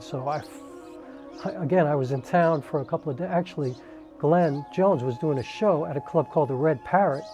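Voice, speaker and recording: A man's voice: a little high, brisk, over music. A man from the New York area, a singer, telling a personal family story in a conversational way, with frequent "um" and "like". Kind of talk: casual personal storytelling to camera.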